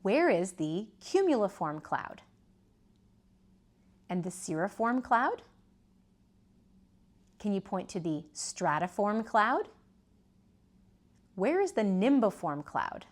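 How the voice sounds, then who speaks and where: A woman teaching a preschool lesson, gently asking children to repeat words and point. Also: medium pitch, big pitch swings, slow pace, pauses often. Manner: sing-song, asks children to repeat and point.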